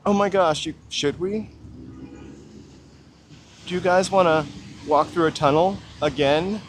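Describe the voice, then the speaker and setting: A middle-aged man talks to his viewers while walking city streets, his voice sitting a little high for a man. He jokes and teases himself in a loose, chatty way, filmed on a handheld walking camera with faint traffic noise behind him. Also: a little slow. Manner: chatty, joking, self-deprecating asides to viewers. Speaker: live-stream walking host. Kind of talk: casual walking live-stream chat. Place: outdoors on downtown city streets and through tunnels. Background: city traffic ambience.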